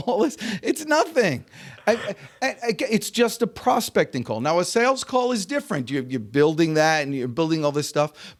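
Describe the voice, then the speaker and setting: A man from the United States, a sales coach telling stories as a guest on an interview podcast, animated and chuckling between points. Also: fairly high pitch. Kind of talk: casual interview storytelling.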